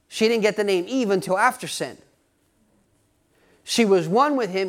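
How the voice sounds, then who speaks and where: This high, fairly bright male voice belongs to a pastor delivering a sermon. He addresses the congregation head-on with emphasis, frequently asking them questions, with occasional laughter.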